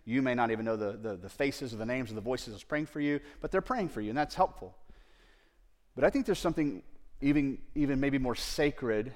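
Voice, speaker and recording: A man preaching a sermon as a pastor, in a relaxed conversational way with frequent fillers and sudden emphatic rises on key phrases. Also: medium pitch, fairly quick.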